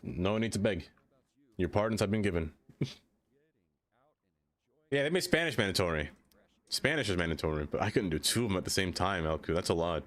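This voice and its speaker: A man's voice: deep voice, lively intonation, fairly quick, pauses often, a bit bright. A young man chatting casually on a live stream as he plays a city-building game. He talks to the things he builds and laughs often. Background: faint music.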